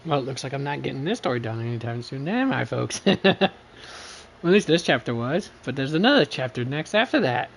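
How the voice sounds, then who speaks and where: A man's voice: mid-range voice, big pitch swings, brisk, vocal fry, slight background noise. A man streaming a game live, chatting and joking at his own expense. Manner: chatty, self-deprecating, laughs often.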